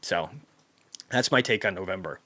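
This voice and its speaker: Male stream host, bright forceful tone, lower-pitched, swears a lot, reads chat comments. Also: lively intonation, moderate pace. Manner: profane, ranting, heated outbursts; reads viewer comments aloud. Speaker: market recap livestream host. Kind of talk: casual livestream commentary.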